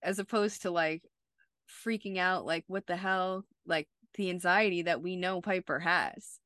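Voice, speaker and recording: Woman co-host, lowish voice, dry close sound, casual chatty recap, says like a lot. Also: measured pace, fairly bright tone, no echo. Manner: chatty, peppers speech with "like". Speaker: podcast co-host.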